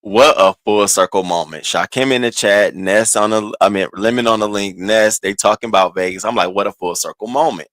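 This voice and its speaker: Animated man telling a story casually. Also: lowish voice, fairly quick, hardly any pauses, dry recording. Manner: animated, restarts and stammers, swings into quoted voices. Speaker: streamer recounting online drama.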